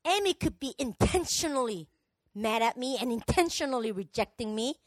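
A woman's voice: on the high side, animated, normal speed, dry recording. A woman church leader giving a personal testimony sermon, telling her story emotionally and animatedly, with lots of "like".

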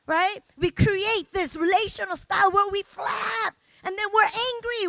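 A woman's voice: very high voice, fairly even intonation, unhurried, creaky, sharp tone, a little hiss or hum. A woman preacher giving a conversational sermon, often checking in with the congregation and acting out everyday examples. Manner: conversational preaching, tags "right?", acts out examples.

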